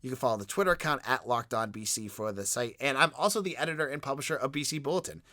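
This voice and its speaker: A man hosting a solo sports podcast, talking in an animated, rambling way with frequent restarts. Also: medium pitch, quick pace, dry recording, clean studio sound. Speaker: podcast host.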